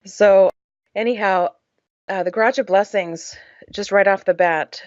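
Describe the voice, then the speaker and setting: A woman's voice: mid-range voice, steady tone, unhurried, dry recording, muffled recording. A woman guest on a podcast, earnestly telling her personal story in an emotional way, with frequent "uh" fillers. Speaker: podcast guest, charity founder.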